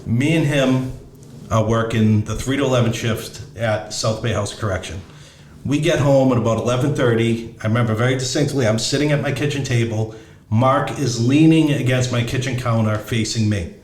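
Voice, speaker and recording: A man's voice: medium pitch, normal speed, darkish tone, echoey room, a little hiss or hum. A middle-aged man telling a story casually, blunt and profane, often restarting as he searches for words. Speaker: podcast host.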